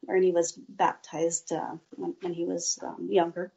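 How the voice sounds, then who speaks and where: A woman's voice: lowish voice, little pitch movement, darkish tone, highs cut off. A woman guest earnestly telling a personal faith testimony in an interview. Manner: slow, earnest storytelling.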